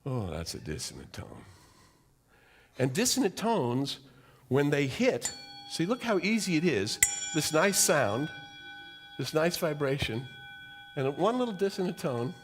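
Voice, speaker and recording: A man giving a sermon as a guest speaker, with dramatic, drawn-out emphasis and questions put to the audience. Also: on the high side, sing-song, soft background music. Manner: dramatic, drawn-out emphasis with wide swings in loudness; preacherly, asks the audience questions. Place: church hall.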